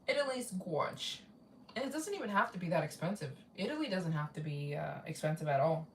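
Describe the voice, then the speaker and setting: A woman travel vlogger chats loosely through a late live stream, looping back over her points and reading out donations as they arrive. Her voice sits a little low and is heard from a distance in a roomy space, with faint ambience behind her. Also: sing-song, brisk, slight background noise. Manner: rambling, repeats herself, reads out donations. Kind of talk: casual live-stream chat.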